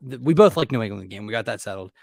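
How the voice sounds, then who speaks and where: A man hosting a casual sports betting chat, relaxed and full of fillers. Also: on the low side, rapid-fire, gravelly, no echo, clean studio sound. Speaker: sports show host.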